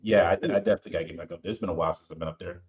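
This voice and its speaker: A man's voice: low-pitched, rapid-fire, lo-fi sound. A man hosting a podcast, chatting casually and reading viewer comments aloud with a playful, joking manner. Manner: animated and playful, breaks into song and jokes. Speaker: podcast host reading live chat. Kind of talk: casual chat.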